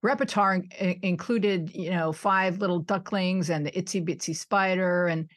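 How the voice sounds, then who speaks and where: Chatty low-voiced woman in her sixties. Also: fairly even intonation, normal speed. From United States (suburban Buffalo, New York). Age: 60s. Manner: chatty, self-deprecating, laughs often, many "you know"s. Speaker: podcast guest. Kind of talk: casual interview chat.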